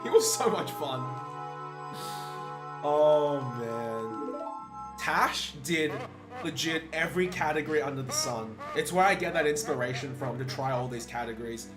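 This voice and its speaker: A young man with a fairly high voice talks loosely and cheerfully to his live viewers as he plays, reminiscing and laughing. Game music plays clearly behind him the whole time. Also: lively intonation, measured pace. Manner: upbeat, chatty, reminiscing with bursts of laughter. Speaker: speedrunner streaming live. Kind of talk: casual chat with viewers while playing.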